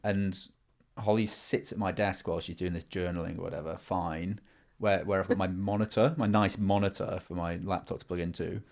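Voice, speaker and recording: A man's voice: low-pitched, fairly even intonation, fairly quick, darkish tone. A man co-hosting a podcast, chatting casually and telling wry, teasing stories. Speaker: podcast co-host, intern. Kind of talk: casual chat.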